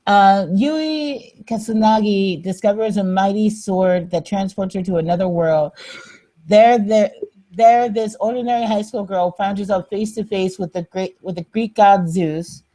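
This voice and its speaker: A woman's voice: mid-range voice, unhurried, mellow, low-quality recording. A woman co-hosting a book show in casual chat, blunt and wry, swearing casually.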